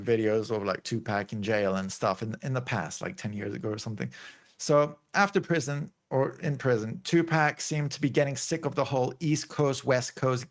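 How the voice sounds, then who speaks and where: A man hosting a show, talking in casual commentary and reaction, rambling with lots of likes and restarts. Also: mid-range voice. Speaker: host.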